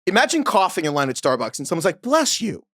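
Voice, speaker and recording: A man's voice: fairly high pitch, very animated, rapid-fire, fairly bright tone, dry recording, clean studio sound. A young adult man co-hosting a podcast, chatting casually, swearing and laughing often. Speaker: podcast co-host.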